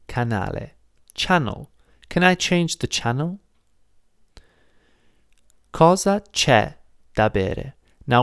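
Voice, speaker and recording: A man teaching a video lesson, patiently explaining grammar step by step and repeating phrases slowly. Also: medium pitch, vocal fry, smooth, dry recording, studio quality. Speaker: Italian language teacher.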